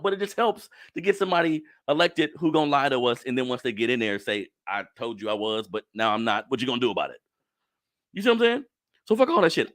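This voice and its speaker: A man's voice: medium pitch, fairly bright tone. Fired-up man with a swinging voice. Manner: blunt and profane, preaching to listeners as family. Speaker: podcast host. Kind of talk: impassioned monologue.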